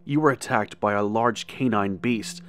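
A man voicing a blunt, gruff cowboy stranger in his fifties in a spoken horror story. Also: lowish voice, normal speed, lightly acted. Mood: menacing. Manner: blunt, gruff, calls him boy.

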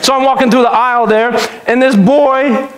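A man preaching a sermon as pastor, an animated, joking storyteller. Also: extremely high pitch, moderate pace. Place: church sanctuary. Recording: echoey church room.

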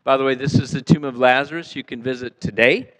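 A male pastor preaching a sermon in a church, acting out quotes and swinging between loud and soft. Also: medium pitch, steady tone, fast, poor audio. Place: church sanctuary.

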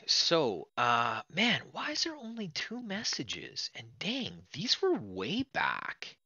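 Excitable, gravelly-voiced man playing a retro game. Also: on the high side, takes it slowly, few pauses, no echo, highs cut off. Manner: chatty, excitable, talks to viewers as friends. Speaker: let's play host. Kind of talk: casual game commentary.

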